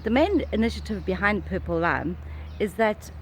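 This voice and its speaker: A woman's voice: medium pitch, expressive, a little hiss or hum. A woman co-presenting a travel vlog, explaining things to the camera in an upbeat, enthusiastic way outdoors. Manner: upbeat, enthusiastic, quick to laugh. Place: outdoors on a garden estate.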